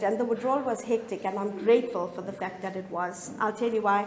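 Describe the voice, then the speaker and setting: A middle-aged woman telling her recovery story as a personal testimony, candid and often halting with emotion. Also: on the high side. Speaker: speaker sharing a recovery story. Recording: echoey room, faint ambience.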